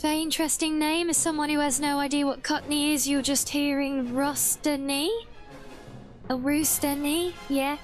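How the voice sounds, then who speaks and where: A woman's voice: high voice, little pitch movement, normal speed, faint music behind. A young woman streaming a video game and chatting casually, giggling often and restarting her sentences. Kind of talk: casual livestream chat while gaming.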